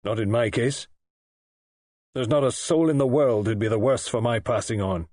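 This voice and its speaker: A man's voice: mid-range voice, moderate pace, a little mellow, no room sound, close to an everyday voice. A man playing a bitter, bad-tempered patient. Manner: curt, indignant, contemptuous.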